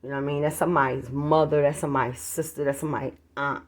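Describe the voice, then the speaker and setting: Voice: medium pitch, level tone, racing. A vlogger recording at home on a handheld phone, talking casually to viewers in a rambling, profane way and calling them y'all. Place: at home, near a street.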